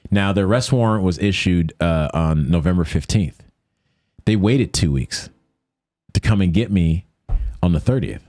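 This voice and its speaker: A man telling a story casually as a guest, animated, acting out quotes in a higher voice. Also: moderate pace, pauses often, dry recording, studio quality.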